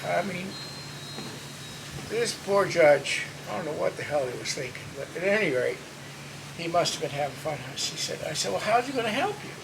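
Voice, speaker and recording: A man telling a casual anecdote in an animated way, lifting his voice when he quotes people. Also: fairly high pitch, moderate pace, vocal fry, long pauses, noisy background. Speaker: storyteller.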